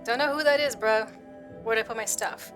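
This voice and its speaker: A woman's voice: a little high, moderate pace, fairly bright tone, faint music behind, lightly acted. A woman voicing a careless young man working as a night guard, who talks in an offhand, slangy way. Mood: dismissive.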